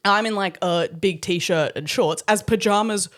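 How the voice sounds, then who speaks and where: Woman podcast co-host, lively storyteller, laughs often, casual swearing. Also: medium pitch, measured pace.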